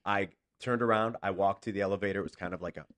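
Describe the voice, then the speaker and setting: A man's voice: sits low, rapid-fire, no echo. A man, an actor guest on a radio show, telling stories casually and acting out the voices of the people in them. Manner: animated, acts out quoted voices. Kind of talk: casual storytelling.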